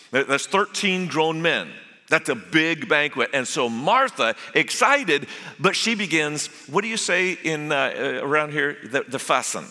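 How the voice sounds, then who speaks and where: A man's voice: fairly high pitch, animated, unhurried, pushed and bright. A man giving a sermon as a guest preacher, telling the story with humor. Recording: echoey hall.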